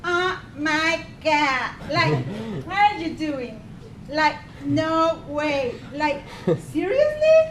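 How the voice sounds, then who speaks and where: A woman's voice: sits high, very animated, drawn-out words, crowd noise, full character voice. A woman with a Mexican Spanish accent voicing a vapid, gushing valley-girl young woman who drawls her "like"s. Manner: drawled, exaggerated "like"s. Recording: roomy hall mic from afar, audience laughter.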